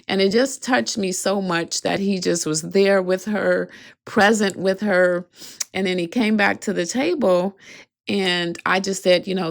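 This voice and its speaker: Earnest woman podcaster with a gravelly voice. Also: mid-range voice, a little slow. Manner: heartfelt, earnest, voice cracking with emotion. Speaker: podcast host. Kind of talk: reflective solo podcast storytelling.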